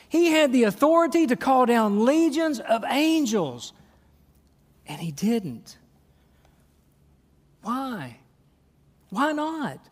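A middle-aged pastor preaches with animation, acting out little everyday scenes. His voice sits high for a man and swings between soft asides and raised points. A long church-hall reverb trails each phrase. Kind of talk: sermon.

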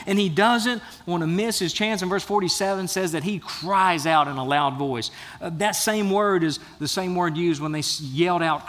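A man's voice: a little high, moderate pace, fairly bright tone, long reverb tail. A man preaching a sermon as a pastor, earnest and building to emphatic bursts.

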